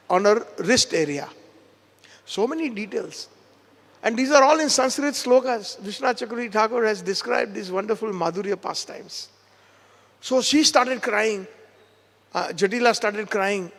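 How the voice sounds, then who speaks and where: A man's voice: high voice, fairly bright tone, big-room sound. A man giving a devotional lecture who retells a scripture story and quotes each character in turn. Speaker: spiritual teacher giving a seminar. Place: temple lecture hall.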